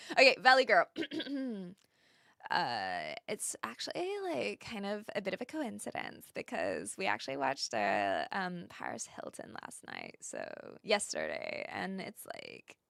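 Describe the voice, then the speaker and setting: A woman's voice: medium pitch, gravelly, pushed and bright, no echo, studio quality. A young woman hosting a casual livestream, chatting, laughing often and greeting viewers by name. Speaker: livestream host. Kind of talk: casual livestream chat, reading viewer comments.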